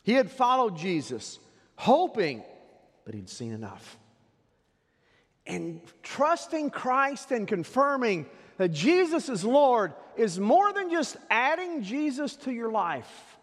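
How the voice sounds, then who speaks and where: A pastor preaching a sermon, swinging dramatically between loud declarations and hushed asides. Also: male voice, very high voice, sing-song, slow. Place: church sanctuary. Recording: long reverb of a church hall.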